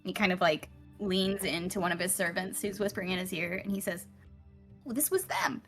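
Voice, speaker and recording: A woman's voice: on the low side, level tone, a little fast, faint music behind. A woman game master narrating a tabletop game in a chatty, amused way.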